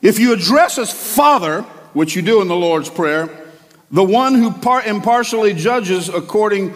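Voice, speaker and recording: Pastor guy preaching, gets fired up then drops quiet, kinda high voice, long echo hall. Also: lively intonation, moderate pace. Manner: impassioned, swings from quiet to loud. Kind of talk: sermon.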